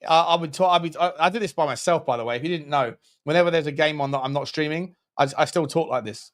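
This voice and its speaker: Man, fairly high voice, lively streamer commentary, jokey, chatting to viewers. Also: fast talker. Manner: jokey, excitable, chats with viewers between plays. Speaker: football watchalong streamer. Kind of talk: live match commentary and chat.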